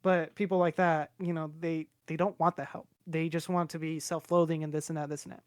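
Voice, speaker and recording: A man's voice: fairly high pitch, level tone, a little fast, clean tone, dry recording. A man in his twenties chatting casually on a podcast, rambling and candid, swearing freely as he talks. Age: 20s. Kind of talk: casual chat.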